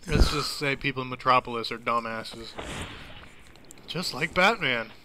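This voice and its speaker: A man's voice: mid-range voice, animated, unhurried, noisy background. A man giving casual let's play commentary, crude and joking and swearing freely.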